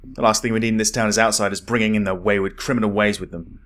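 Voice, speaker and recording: Man doing a suspicious gruff tavern local. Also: lowish voice, fairly even intonation, fast talker, fairly bright tone, pitched below the performer's own voice, lightly acted.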